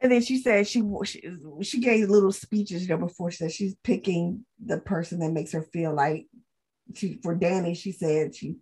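A woman's voice: on the low side, fairly even intonation, normal speed, darkish tone, slightly rough. A woman co-hosting a podcast, chatting casually about a reality show, laughing easily and often restarting her sentences. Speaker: podcast co-host.

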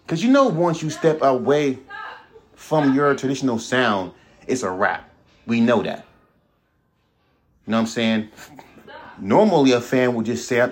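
A man's voice: mid-range voice, animated, normal speed, slight background noise. A man hosting a podcast alone, ranting bluntly with heavy profanity and repeating himself. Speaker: podcast host. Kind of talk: solo ranting monologue.

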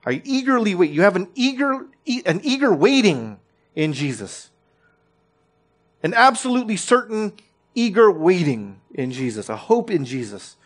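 A man delivers a sermon in a relaxed, conversational teaching style. His voice sits high for a man, and he often stops to check in with the congregation before pressing on. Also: moderate pace. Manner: conversational teaching, frequent "right?" check-ins and restarts. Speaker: preacher.

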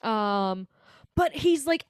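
A woman's voice: on the high side, lively intonation, extremely slow, smooth, no room sound, studio quality. A woman co-hosting a podcast, joking and swearing as she retells a film, acting out the characters' lines. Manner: joking, profane, acts out quoted lines. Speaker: podcast co-host. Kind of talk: casual movie recap chat.

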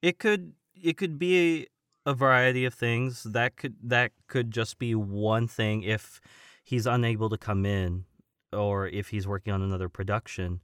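A man who is a voice actor and stuntman, talking as a guest in a casual podcast interview, relaxed and rambling with many fillers. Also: on the low side, a little slow, smooth, dry recording, clean studio sound.

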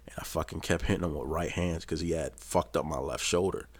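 A man's voice: rumbling low, fairly even intonation, fairly quick. A man hosting a podcast, telling a story in a casual, rambling way full of swearing. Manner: profane, rambling. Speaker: podcast host.

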